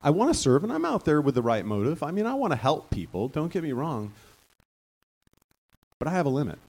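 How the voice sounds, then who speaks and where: A man's voice: on the high side, huge pitch swings, a little fast, a little mellow. A man preaching a sermon in a conversational way, now and then rising to fervent emphasis. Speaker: pastor.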